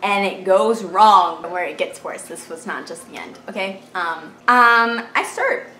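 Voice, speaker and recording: Animated teenage girl, bright echoey voice. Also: medium pitch, a little slow. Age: teens. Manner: animated, dramatic retelling with valley-girl fillers. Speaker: vlogger. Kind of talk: storytime vlog. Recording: echoey room with faint hiss.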